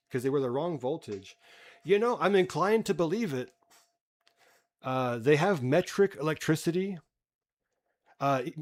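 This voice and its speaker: A man's voice: fairly high pitch, a little mellow. A man ranting bluntly and profanely in casual livestream commentary. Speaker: streamer.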